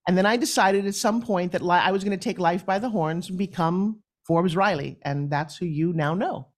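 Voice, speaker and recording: A woman's voice: fairly low pitch, moderate pace. A woman from New York with a New York accent, a podcast guest telling her life story in a blunt, emphatic way. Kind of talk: candid interview storytelling.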